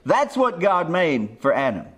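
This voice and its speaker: A male preacher delivers a sermon in plain, folksy country speech. His voice sits a little higher than most men's. He swells into emphatic, fervent exhortation. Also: huge pitch swings, unhurried, breathy edge.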